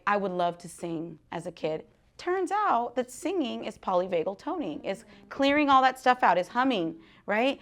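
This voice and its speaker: A woman in her thirties talking candidly to an audience at a book talk, animated, laughing often and dropping to hushed asides. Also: medium pitch, vocal fry. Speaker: guest author speaking at a book talk. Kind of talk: casual live talk to an audience.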